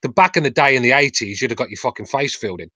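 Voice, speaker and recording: Быстрый грубоватый английский мужчина. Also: male voice, medium pitch, animated, sharp tone, no room sound. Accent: English Midlands. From England. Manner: blunt, swears freely, rapid banter. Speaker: podcast co-host. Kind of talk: casual chat.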